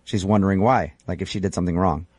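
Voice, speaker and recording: A man's voice: deep voice, quick pace, a little mellow, husky, dry recording. A man hosting a morning radio show, chatting and laughing often as he recaps a dating story.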